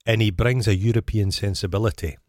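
A man's voice: fairly low pitch, fairly even intonation, a little fast, darkish tone, dry recording, studio quality. A Scottish man co-hosting a casual film review podcast, joking and swearing as he talks. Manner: jokey, swears freely, acts out quotes. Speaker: podcast co-host.

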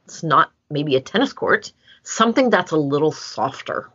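Animated, husky-voiced woman dog trainer. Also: low voice, normal speed. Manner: animated storytelling with many fillers. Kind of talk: casual podcast conversation. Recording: dull lo-fi sound.

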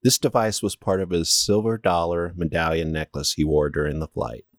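Deep-voiced man telling a story. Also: normal speed, no echo, clean studio sound. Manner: steady storyteller, stumbles and restarts while reading. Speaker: podcast co-host presenting the story. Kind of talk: casual podcast chat, reading out notes.

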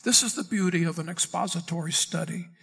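A man preaching a verse-by-verse Bible sermon as pastor, reading scripture aloud slowly and calling out questions to the congregation. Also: a little high, vocal fry, a bit bright, slightly rough. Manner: calls out to the congregation.

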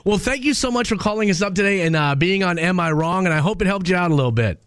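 Guy hosting a morning radio show, kinda high voice, dry studio mic, soft music under him. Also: lively intonation, fast, no room sound. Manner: chatty and self-deprecating. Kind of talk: casual radio chat. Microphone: studio microphone.

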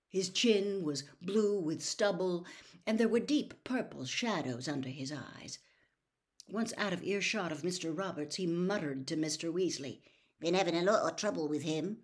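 A woman narrating a book aloud in a steady, even storytelling voice. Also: lowish voice. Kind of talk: audiobook reading aloud.

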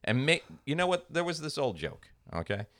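A male podcast co-host with a voice on the high side tells stories at a moderate pace in casual chat. He's an animated storyteller who acts out the voices of the people in his anecdotes.

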